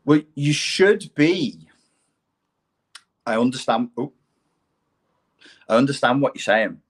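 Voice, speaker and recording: A man's voice: mid-range voice, lively intonation, slow, pauses often. A man from Liverpool talking casually on a livestream Q&A about philosophy, rambling and emphatic with the odd swear word. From Liverpool, England. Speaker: online philosophy and self-help talker.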